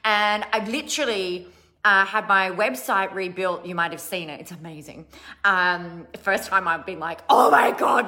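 Woman coach, bright voice, animated and blunt, casual swearing, self-deprecating. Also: on the low side. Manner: self-deprecating, laughs at herself. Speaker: business coach. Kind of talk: live motivational talk to an online audience.

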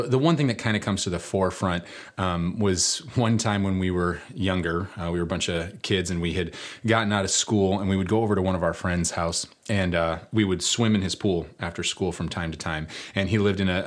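A man preaching a sermon, telling a personal story in a relaxed, conversational way with many fillers. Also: sits low. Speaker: pastor.

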